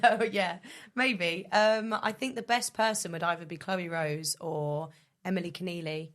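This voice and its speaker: Bubbly lady guest on a podcast, lowish voice, laughs a lot. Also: fairly even intonation, unhurried, few pauses, a bit bright. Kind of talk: casual interview chat.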